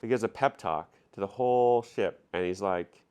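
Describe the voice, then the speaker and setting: A man's voice: fairly low pitch, moderate pace, hardly any pauses, dark tone, clear, resonant tone. A man casually retelling a story for laughs, flippant and slangy, laughing often and loosely voicing the characters he quotes. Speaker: storyteller recapping an episode.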